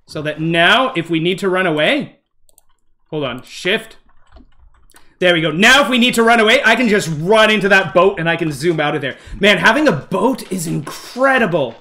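A young man streaming a game live to his chat, excitable and jumpy, repeating himself in bursts when scared. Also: high voice, moderate pace. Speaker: gaming streamer. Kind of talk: live gameplay commentary.

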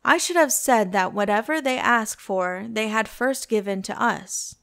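An eager, romantic young man speaks with impassioned earnestness, as a woman reads him in an audiobook. The voice is fairly high with a gravelly texture. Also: a little slow, a bit bright.

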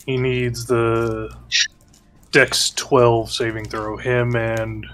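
A man's voice: medium pitch, flat delivery, drawn-out words, crowd noise. A man playing a tabletop game, talking casually, swearing freely and working through the rules aloud. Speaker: player.

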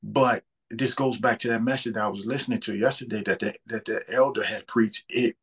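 A man's voice: on the low side, fairly even intonation, fairly quick, a bit bright, slightly rough. A man, talking about faith in a casual, earnest way and often repeating words as he thinks. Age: 30s.

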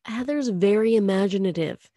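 A gentle, protective bearded father speaks in a soft, murmuring way, as a woman reading a storybook puts him on. Her slightly gravelly voice sits close and dry on the mic. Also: medium pitch, moderate pace, no echo, natural voice. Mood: soothing. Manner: soothing, murmuring.

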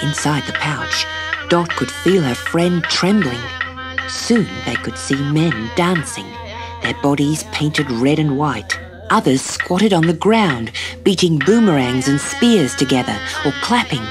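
Slow lady narrator reading a kids' story tape, lots of expression, music underneath. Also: deep voice, very animated. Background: soft story music.

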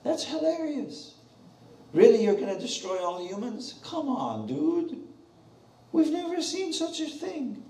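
A scoffing man laughs off a dire warning in a jumped-up high voice, as a preacher acts him out. His disbelief rings through a roomy church, heard from a distance. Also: big pitch swings, unhurried, warm tone, full character voice. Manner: incredulous, laughing it off.

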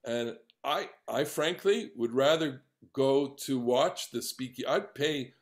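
Halting middle-aged rabbi teaching a class. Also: male voice, medium pitch. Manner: halting, many restarts and repeated words, animated. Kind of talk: conversational class discussion.

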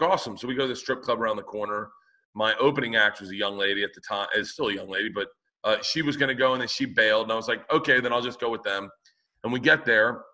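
A man's voice: lowish voice, sharp tone. A male comedian co-hosting a podcast, telling blunt stories in casual chat. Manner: blunt storyteller, swears.

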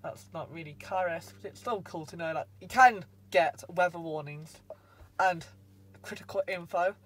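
A man's voice: high-pitched, normal speed, fairly bright tone, low-quality recording. Chatty man rambling through a car review. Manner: chatty, rambling, cuts himself off. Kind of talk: casual car review vlog.

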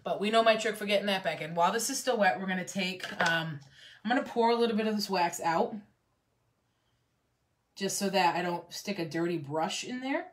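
A woman's voice: medium pitch, a little fast. A young woman chatting casually with viewers while she teaches a painting project, rambling with lots of fillers. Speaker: craft painting instructor. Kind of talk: casual live painting tutorial.

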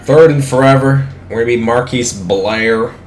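A young man giving live, excitable commentary on his own football video game, swearing freely and talking at the screen. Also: medium pitch, normal speed, echoey room, slight background noise. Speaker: gaming commentator.

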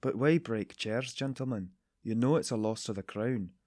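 A man narrating an audiobook, voicing a genial middle-aged detective who speaks in a jovial, gently ironic way. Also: medium pitch, moderate pace, dry recording, clean studio sound, lightly acted. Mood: slow and amused.

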